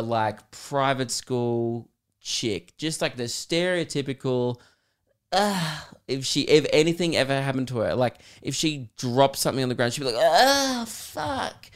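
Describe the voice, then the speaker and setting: An Australian man hosting a podcast, telling a story casually with lots of swearing and laughter. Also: mid-range voice. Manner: animated, swearing, joking. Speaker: podcast host and comedian.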